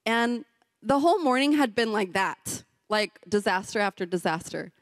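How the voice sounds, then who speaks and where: A woman's voice: medium pitch, moderate pace, no room sound, studio quality. A middle-aged woman giving a sermon as a pastor's wife, telling a personal story with laughs and acted-out voices. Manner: animated, laughs often, acts out voices in her story.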